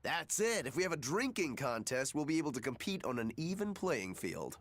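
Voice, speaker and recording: An actor playing a relaxed, cheerful adult male swordsman in a game. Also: a little high, brisk. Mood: casual. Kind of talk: game voice acting.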